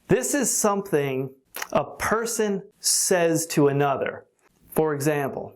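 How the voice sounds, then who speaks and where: Slow, deliberate English teacher. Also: mid-range voice, lively intonation. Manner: slow, deliberate explaining with occasional laughs. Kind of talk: online language lesson.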